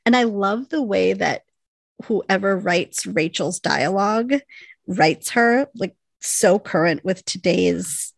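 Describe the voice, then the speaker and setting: A woman's voice: mid-range voice, slow pace, gravelly, no echo. A woman co-hosting a casual recap podcast. She chats, laughs a lot and acts out snippets of dialogue. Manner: chatty, laughs often, acts out lines of dialogue. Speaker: podcast co-host recapping a TV episode. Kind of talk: casual chat.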